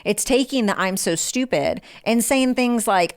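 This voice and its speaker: A woman's voice: on the high side, expressive, measured pace, smooth. A woman hosting a motivational podcast, talking in a direct, frank and informal coaching way. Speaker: podcast host.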